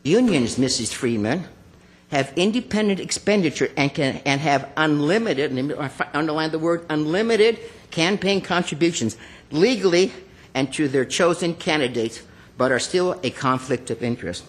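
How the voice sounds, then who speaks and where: Man, slightly high-pitched, confrontational, public comment, council chamber, podium microphone. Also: expressive, moderate pace. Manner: accusatory, confrontational; addresses officials by name.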